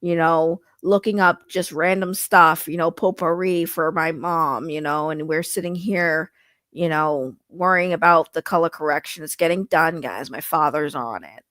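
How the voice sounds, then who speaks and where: A woman's voice: a bit bright, no echo, clean studio sound. A woman doing a nasal, condescending filmmaker guy. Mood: defensive. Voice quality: nasal, congested. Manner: low, slow, trying to sound articulate. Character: condescending nasal male indie filmmaker, defensive. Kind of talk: parody impression.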